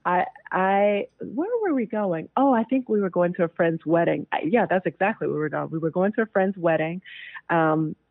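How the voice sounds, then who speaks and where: This is a woman in her thirties with a fairly low voice and moderate pace, on a dry, tinny line that sounds like a phone. She's an interview guest in a relaxed chat, spinning stories and often laughing.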